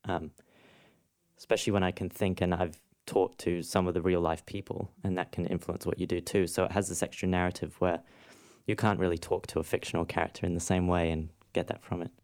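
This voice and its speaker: A man's voice: low voice, level tone, fairly quick, a little mellow. A man, a composer being interviewed, explaining his work thoughtfully and at length. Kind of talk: interview conversation.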